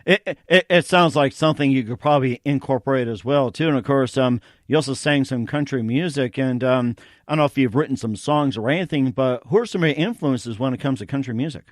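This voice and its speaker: A man of middle pitch hosts a relaxed interview. He tacks repetitive filler phrases onto his sentences. The sound is dry and close. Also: a little fast, dry recording. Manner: repetitive phrasing, leans on "as well, too". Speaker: show host. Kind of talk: casual interview.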